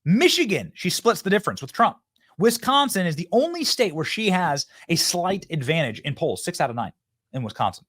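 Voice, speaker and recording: A male political show host whose voice swings widely up and down as he talks. He is emphatic and mocking and often bursts out loudly. The sound is dry and close, with no room around it. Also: fairly high pitch, very animated, fast, no echo. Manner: emphatic, mocking, sudden loud outbursts. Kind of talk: animated political commentary.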